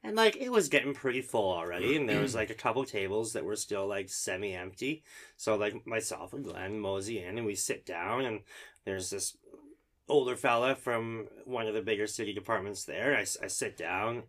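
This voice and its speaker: A man, a fire captain, telling a story in casual podcast chat, animated and peppered with "like," acting out the dialogue. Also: on the low side, normal speed. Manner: animated, acts out dialogue, lots of "like".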